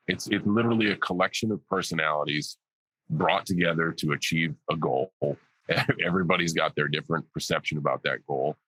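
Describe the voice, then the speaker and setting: A man's voice: a bass voice, a bit bright, dry recording, rough recording. A man in his forties, a guest on a podcast, answering questions in a dry, sarcastic, joking way. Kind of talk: casual interview answers.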